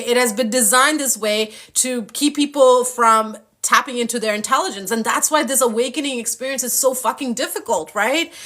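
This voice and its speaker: Woman, young adult, bright voice, higher pitch, passionate, swears a lot, live-stream tarot host. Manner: passionate, swearing, animated, playful impressions. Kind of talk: casual live-stream chat.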